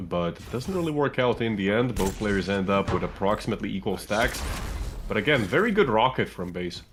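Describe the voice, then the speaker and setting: A man from Latvia doing steady, analytical play-by-play commentary on an esports match, with plenty of fillers. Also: low voice, noisy background. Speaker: esports caster.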